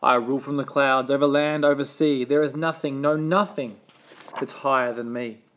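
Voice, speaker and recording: A man's voice: mid-range voice, fairly even intonation, moderate pace, fairly bright tone, natural voice. A man voicing a pompous, boastful male turtle king who barks and bellows his orders in a storybook reading. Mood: boastful bellowing. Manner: barking, bellowing, bossy.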